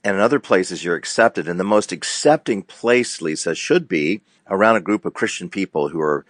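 A middle-aged man, a counselor, talking earnestly in a preacher-like way, slowing down and speeding up for emphasis. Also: low-pitched, expressive, dry recording, clean studio sound. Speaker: counselor, show guest. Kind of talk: casual faith-based talk.

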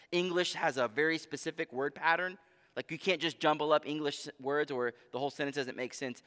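A man preaching a sermon, earnest and emphatic, slowing down to stress key phrases. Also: a little high, pushed and bright, long reverb tail. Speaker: pastor.

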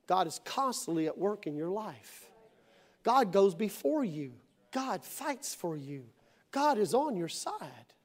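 A middle-aged man preaching a sermon to his congregation in church, dramatic, acting out voices and swinging between loud and hushed. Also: high-pitched, big pitch swings, takes it slowly. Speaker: pastor.

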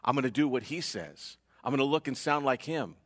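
A man's voice: lively intonation, brisk. A man preaching a sermon as pastor, earnest, his voice rising and dropping as he presses each point. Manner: earnest preaching, rises and falls in pitch and loudness. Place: church sanctuary. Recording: long reverb of a church hall.

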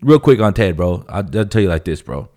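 A man's voice: low-pitched, very animated, fairly quick, dark tone. A man in his thirties from California, telling stories in casual podcast chat with lots of swearing and "bro". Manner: profane, emphatic storytelling, says "bro" constantly. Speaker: podcast guest.

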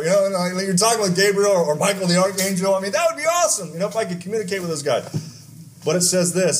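A pastor from Texas, preaching a conversational sermon with asides, stories and questions to the congregation. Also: male voice, high voice, fast talker, slight background noise.

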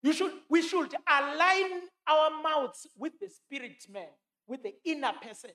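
A man's voice: very high-pitched, expressive, unhurried, hardly any pauses, bright, forceful tone. A man preaching a sermon, quoting scripture and repeating his key lines for emphasis.

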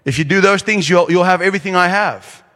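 A man preaching at a conference, telling a story with lively, acted-out quotes. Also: high-pitched, quick pace. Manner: animated storyteller acting out quotes. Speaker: pastor. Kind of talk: sermon storytelling. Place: large conference hall. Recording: long hall reverb.

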